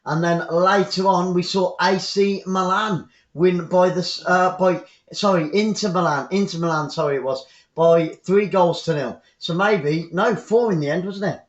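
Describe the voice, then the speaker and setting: An English man provides chatty live football commentary for an online stream, repeating himself and rambling off into asides. His voice is high-pitched and moderately paced, and the sound is roomy, dull, and lo-fi.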